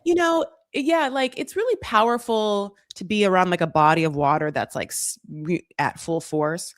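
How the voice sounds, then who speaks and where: A woman with a fairly low voice co-hosts a laid-back reality TV recap podcast, speaking at a moderate pace. She's chatty and rambling, packs in fillers, and imitates people in put-on voices. The recording is clean studio sound with no room echo.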